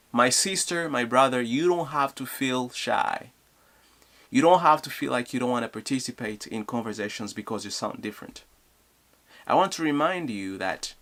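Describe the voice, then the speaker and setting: A man's voice: medium pitch, fairly bright tone. Earnest Congolese-accented man encouraging viewers. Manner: earnest and encouraging, asks rhetorical questions. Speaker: youth speaker. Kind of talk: motivational vlog.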